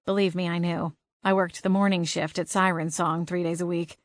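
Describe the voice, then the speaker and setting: A woman narrating a cozy paranormal audiobook in the first person, lively with wry asides. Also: lowish voice, normal speed, no echo, studio quality.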